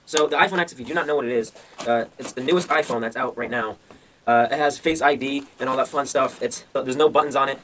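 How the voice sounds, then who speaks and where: A young man hosting a casual unboxing vlog, excited and slangy, calling his viewers bro. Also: medium pitch, fast, slight background noise. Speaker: gaming youtuber.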